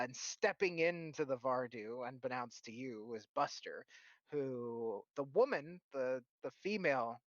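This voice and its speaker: A man narrating as game master of a tabletop game, halting with fillers and restarts, recorded with a dull lo-fi sound. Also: mid-range voice, no room sound.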